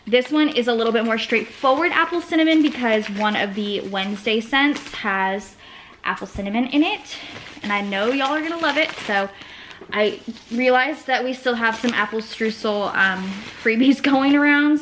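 In a relaxed home vlog, a young small business owner and vlogger talks through her work in a chatty, rambling way, using lots of fillers. Her fairly high voice is a bit bright, and there's a slight hiss or hum in the recording.

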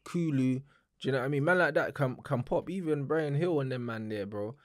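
A young man, co-hosting a casual football chat, who agrees briefly and then argues his point in quick bursts. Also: medium pitch.

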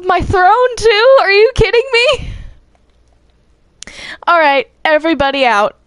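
A woman voicing a bossy, self-crowned young queen in a game role-play, imperious and shrill when crossed. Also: slow, dry recording. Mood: indignant. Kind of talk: Minecraft role-play acting.

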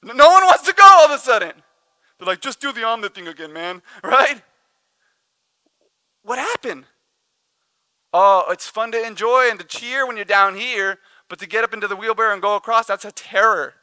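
A pastor preaching a sermon, telling stories with humor and acting out the people in them. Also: male voice, extremely high pitch, moderate pace, long pauses, clean tone, dry recording. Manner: animated, jokey storytelling with laughs and acted-out quotes. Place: church.

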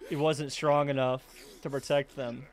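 Excitable young guy reacting to anime. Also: mid-range voice, unhurried. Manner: excitable, swears and laughs often, says dude a lot. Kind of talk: casual reaction commentary.

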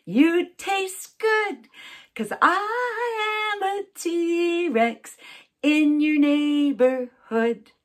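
A woman's voice: very high-pitched, expressive, voice pushed up, full character voice. A woman singing as a playful hungry T-Rex. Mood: teasing. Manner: sung slowly in a teasing sing-song.

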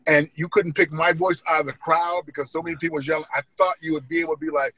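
A male comedian guest telling funny stories on a podcast, lively and acting out the people in them. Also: on the high side, fast talker, slightly rough, dry recording, poor audio. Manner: lively, laughing, acts out voices. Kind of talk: animated storytelling.

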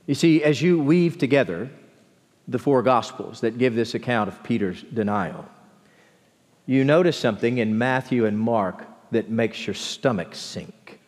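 A man preaching a sermon as pastor, expressive, dropping low and slow for emphasis. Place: large church sanctuary. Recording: long church hall reverb.

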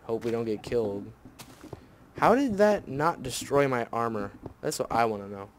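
A man's voice: mid-range voice, expressive, moderate pace, slight background noise. A man giving casual gameplay commentary, grumbling and swearing whenever things go wrong. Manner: grumbling, easily annoyed, swears. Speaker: let's play host.

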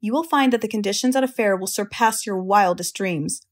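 A woman's voice: mid-range voice, a little fast, lightly acted. A woman doing a knowing old sheep. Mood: coaxing.

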